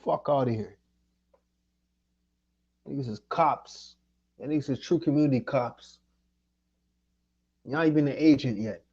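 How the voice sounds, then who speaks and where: A man's voice: mid-range voice, normal speed, pauses often, a little mellow, husky, lo-fi sound. A man from Jamaica ranting angrily and profanely at someone during his livestream. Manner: angry, profane, confrontational. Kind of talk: heated livestream rant.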